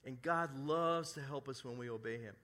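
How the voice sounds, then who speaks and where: A man's voice: medium pitch, moderate pace, pushed and bright. A middle-aged male pastor preaching a sermon to a church congregation, telling a story with jokey asides. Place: church service before a congregation.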